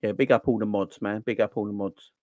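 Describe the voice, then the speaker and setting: A man's voice: lowish voice, brisk, no echo, muffled recording. Slangy man hosting football chat. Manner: animated, slangy, answers chat. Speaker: football channel host. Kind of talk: casual live-stream chat.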